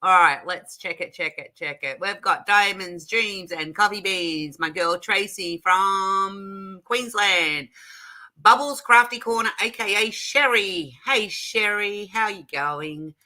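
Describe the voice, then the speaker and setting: A woman's voice: medium pitch, slow, sharp tone. An Australian woman hosting a casual craft livestream from her home craft room, chatting and greeting viewers one by one. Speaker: livestream host.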